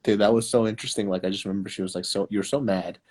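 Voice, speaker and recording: A man's voice: fairly low pitch, steady tone, racing, darkish tone, slightly rough. A man chatting casually as a guest on a live stream, laid-back, joking and swearing a lot. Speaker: comedian guest. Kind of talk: casual chat. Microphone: phone on a live stream.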